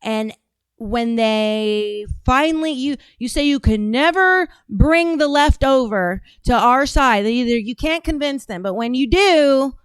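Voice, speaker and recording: A woman's voice: high voice, expressive, unhurried, clear, resonant tone, no room sound, clean studio sound. A woman hosting a reaction video, talking casually in a blunt, rambling, profane way.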